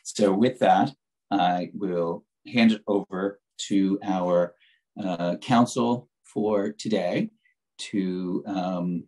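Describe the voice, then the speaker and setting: A man chairing a city council hearing over a video call, speaking in a halting way with many fillers and restarts. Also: low-pitched, steady tone, a little mellow, poor audio. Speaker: committee chair. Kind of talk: remote public hearing remarks.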